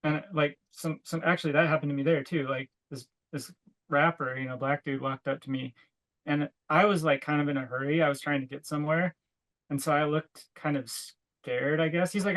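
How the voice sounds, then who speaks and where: In a rough recording, a young man who co-hosts a podcast speaks at a normal speed in a fairly high, steady, fairly bright voice. He tells meandering, filler-heavy stories with constant "like," occasionally laughing as he chats.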